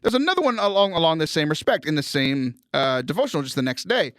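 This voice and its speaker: A man from Houston, hosting a podcast and chatting casually with animated storytelling and frequent laughter. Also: a little high, quick pace, dry recording, clean studio sound. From Houston, Texas. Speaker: podcast host. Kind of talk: casual chat.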